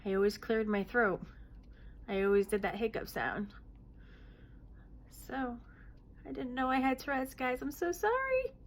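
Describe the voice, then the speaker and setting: In a casual Q&A vlog, a woman in her late thirties with a mid-range voice chats while answering viewer questions. Sudden hoots, outbursts and throat clearing keep interrupting her talk.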